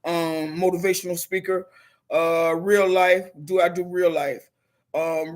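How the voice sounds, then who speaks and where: A middle-aged woman and motivational speaker, telling her story on a live stream and speaking straight to viewers in a heartfelt, preachy way. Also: fairly low pitch. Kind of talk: emotional live-stream testimony.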